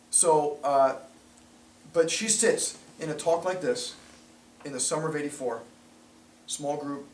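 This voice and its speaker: A middle-aged man, a chiropractor telling a story to a small group in an animated, chatty way. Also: medium pitch, a little hiss or hum. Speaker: chiropractor giving a new patient talk. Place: small office talk room. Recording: echoey room, from a distance.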